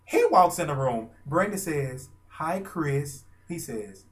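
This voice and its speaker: A man, telling a story in a casual, gushing way with dramatic pauses. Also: fairly high pitch. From Arkansas. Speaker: vlogger and fan.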